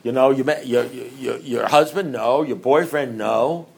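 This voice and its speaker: A middle-aged man speaks to a recovery group in an easy, rambling way, with a voice of ordinary pitch. He keeps turning to the room with questions. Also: unhurried, gravelly, a little mellow, slightly rough. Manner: rambling, conversational, asks the audience questions.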